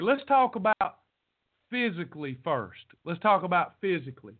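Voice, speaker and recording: He's a weight loss podcast host whose high-pitched voice has lively intonation and a normal speed. Ranting preachily to motivate, he bluntly scolds listeners and repeats points for emphasis. The recording sounds tinny and phone-like, with no room sound.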